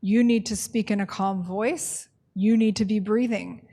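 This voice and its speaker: Woman running a workshop, brisk and chatty. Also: medium pitch, steady tone, warm tone. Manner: brisk, conversational, with checks like "okay?". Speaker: trainer. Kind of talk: workshop training talk.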